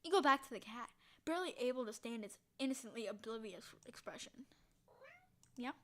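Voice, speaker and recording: A woman playing a text adventure, reading the story aloud in a hushed voice and breaking into loud, excited reactions. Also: on the high side, brisk. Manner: reads narration quietly, bursts into loud excited reactions. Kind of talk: casual let's-play narration.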